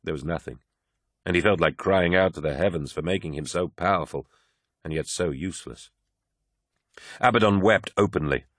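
A man narrates an epic battle story with grave, measured weight. His voice sits very low and the recording is bone dry, with no room around it. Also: fairly bright tone, no echo. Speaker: audiobook narrator. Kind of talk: dramatic scripted narration.

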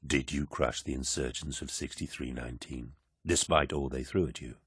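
A commanding, towering warlord with a calm, paternal hand, speaking softly and slowly, as a male audiobook narrator puts him on. The voice sits extremely deep and close, with a dry, dead sound around it. Every word is measured and low. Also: slightly rough, no room sound, exaggerated voice. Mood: probing. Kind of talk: audiobook character voice.

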